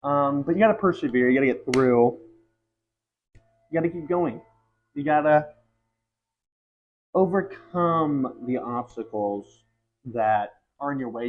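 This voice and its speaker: A man hosting his own vlog from home, talking in a rambling casual monologue full of ums and frustration. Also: mid-range voice. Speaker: vlog host. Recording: slightly dull lo-fi recording.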